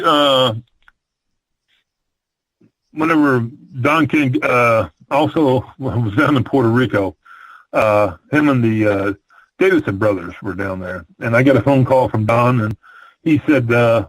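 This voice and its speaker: As an interview guest, an older retired pro wrestler from the American Midwest tells long, rambling road stories from his wrestling days, full of ums, fillers and false starts. His voice is at an ordinary male pitch. The rough recording is close and dry, with no room sound or echo.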